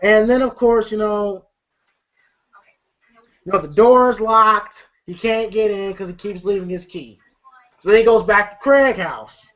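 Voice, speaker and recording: A film reviewer giving a casual, animated recap of a movie scene, chuckling and using lots of filler phrases. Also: mid-range voice, measured pace, pauses often. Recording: dull lo-fi audio.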